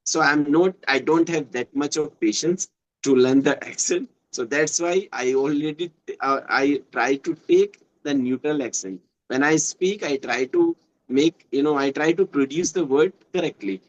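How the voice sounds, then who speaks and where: A man's voice: a little high, normal speed, poor audio. A man from western Uttar Pradesh with an Indian English accent and Hindi as his first language. He explains things patiently in casual conversation practice and often repeats words while he searches for phrasing.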